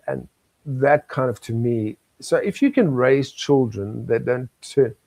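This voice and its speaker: Older South African man, gravelly and dry, earnest guest who chuckles through his stories. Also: medium pitch, no room sound, poor audio. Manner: earnest, storytelling, chuckles often. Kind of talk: candid interview talk.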